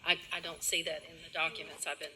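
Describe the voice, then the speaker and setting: A woman's voice: low voice, level tone, fast talker, pushed and bright, breathy edge, rough recording. A woman commissioner questioning a witness at a public meeting, insistent. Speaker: county commissioner.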